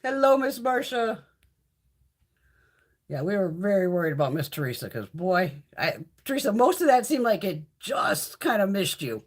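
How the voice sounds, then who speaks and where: A woman's voice: on the low side, sing-song, a little fast, hardly any pauses, breathy edge. A middle-aged woman hosting a casual beauty live chat, swearing freely and talking to her viewers. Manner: chatty and profane, reads out viewer comments. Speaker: beauty livestream host.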